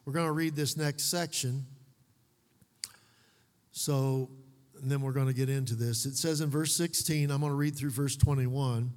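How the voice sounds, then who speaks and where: A man of ordinary middle pitch preaches from the pulpit, folksy and good-humored. He slows right down to stress single words, then speeds into teasing asides. His voice rings out with a long reverb, as in a church sanctuary. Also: fairly even intonation, a little mellow. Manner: folksy, joking asides with slow emphatic repetition. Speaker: pastor. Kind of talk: sermon.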